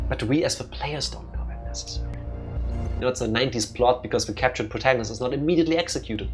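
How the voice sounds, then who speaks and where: A man's voice: medium pitch, fast talker, soft background music. A young man streaming a let's play, joking wryly and rambling with frequent restarts. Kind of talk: casual gameplay commentary.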